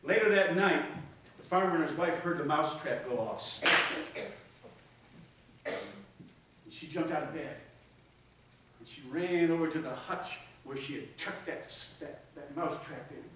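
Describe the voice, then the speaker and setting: A man preaching a sermon, telling a folksy story and dropping to a hush for emphasis. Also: fairly high pitch, measured pace, pauses often, a little hiss or hum. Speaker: pastor. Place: church sanctuary. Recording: echoey church from far off.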